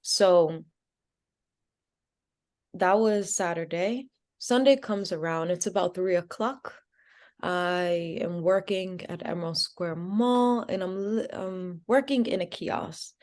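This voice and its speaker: The voice is lowish and slow. She's a young woman from Providence, Rhode Island, storytelling as a podcast guest, animated and quick to act out what people said, with many "like" fillers along the way.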